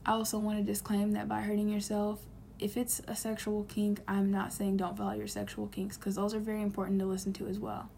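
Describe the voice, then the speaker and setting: A woman's voice: medium pitch, completely flat delivery, a little fast, vocal fry, warm tone, slight background noise. A young woman giving an earnest, rambling, heartfelt self-help monologue.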